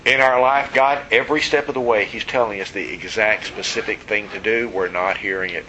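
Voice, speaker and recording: A man's voice: fairly low pitch, a little fast, a little hiss or hum, rough recording. A man preaching a sermon in a conversational, teasing way, asking the congregation questions. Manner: conversational, teasing, animated storytelling. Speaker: pastor.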